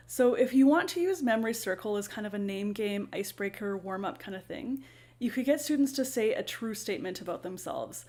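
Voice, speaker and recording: Chatty woman explaining classroom activities. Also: medium pitch. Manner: chatty, relaxed, frequent ums and "kind of". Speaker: ESL teacher and channel host. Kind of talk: casual teaching explainer.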